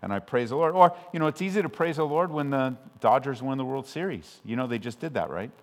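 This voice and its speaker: A man from Southern California preaching a sermon as pastor, conversational with frequent restarts, swelling loud when he quotes scripture. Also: medium pitch, lively intonation, quick pace. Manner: conversational and self-interrupting, with restarts. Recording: long hall reverb.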